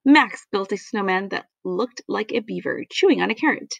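Woman, children's picture-book read-aloud, animated, playful, lively pitch, gravelly, dry close sound. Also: normal speed, dry recording. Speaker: storybook reader.

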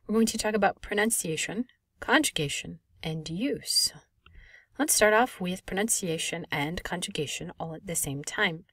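A woman in her thirties, a French teacher, explaining a lesson clearly and patiently with lively emphasis. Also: on the low side, normal speed, dry recording, clean studio sound. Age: 30s. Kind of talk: recorded language lesson.

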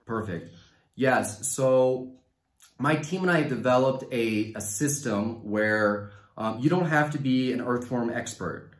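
A man with a Mexican Spanish accent speaks with upbeat enthusiasm, explaining his science to a panel. His voice sits at an ordinary middle pitch. The sound carries a noticeable room echo. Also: slow. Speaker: science communication finalist. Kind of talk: science talk and audience Q&A.

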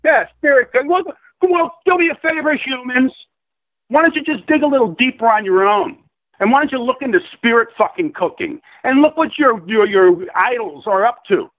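A man with a high, swooping voice rants in a profane, insistent way, lecturing hard. He comes through a tinny phone line with a dry, close sound. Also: expressive, moderate pace, no echo. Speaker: guest. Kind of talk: conspiracy rant in a call-in interview.

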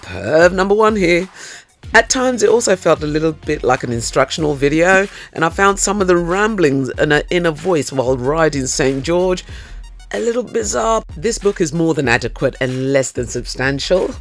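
A man hosting an audiobook review show, reading a scripted review in a playful, cheeky way that turns loud and emphatic when he rants. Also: on the high side, lively intonation, moderate pace, faint music behind.

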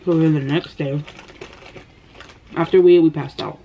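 Animated woman telling stories. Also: sits low, moderate pace, a little hiss or hum. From United States. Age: 30s. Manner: animated, gasping, breathless retelling. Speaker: mukbang vlogger. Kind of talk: storytelling while eating. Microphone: camera microphone. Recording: slightly dull lo-fi sound.

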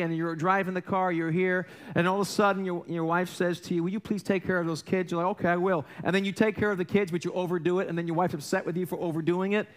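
A middle-aged man preaching a casual sermon as a pastor, joking and asking the congregation questions. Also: sits high. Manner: conversational, self-deprecating, jokey storytelling; frequent restarts and rhetorical questions to the congregation. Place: church sanctuary.

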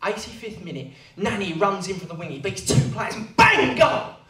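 A man's voice: sits high, big pitch swings, normal speed, fairly bright tone. A young adult man doing stand-up, telling self-deprecating stories and acting out the characters. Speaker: stand-up comedian. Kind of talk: stand-up comedy routine. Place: comedy venue. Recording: echoey venue, heard from far off, crowd laughing.

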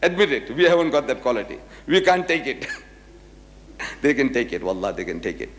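A man's voice: medium pitch, lively intonation, normal speed, fairly bright tone, in a large hall. An older man giving a religious lecture to an audience, telling anecdotes and acting out the voices of the people in them. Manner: storytelling, acting out quoted voices.

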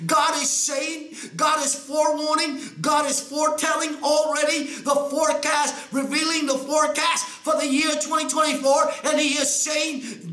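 A man delivers a fiery prophetic sermon with a very high, bright voice. He often shouts and repeats himself for emphasis. The sound rings with echo. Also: fairly even intonation, moderate pace, hardly any pauses, soft background music. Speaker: preacher.

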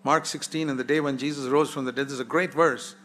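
A man delivering a sermon at an everyday middle pitch. He speaks earnestly and pleads with his listeners, often putting direct questions to them. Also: fairly even intonation, quick pace, a bit bright, slight background noise. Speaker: preacher.

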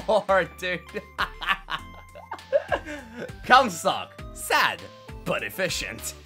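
A man's voice: high-pitched, huge pitch swings, very slow, pauses often, bright, forceful tone, soft background music. A young Australian man streaming, reacting to fan memes in casual chat, laughing often and swearing freely.

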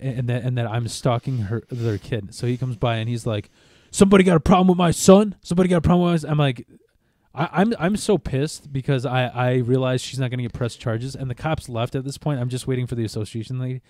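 Animated man telling a profane story. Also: mid-range voice, no echo. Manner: animated, profane, acts out quotes. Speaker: podcast co-host. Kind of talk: casual chat, storytelling.

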